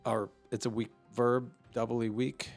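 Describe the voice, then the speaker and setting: Slow, halting man teaching vocabulary. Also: mid-range voice, little pitch movement, gravelly, faint music behind. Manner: slow and halting, thinking aloud with many fillers. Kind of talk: unscripted vocabulary lesson.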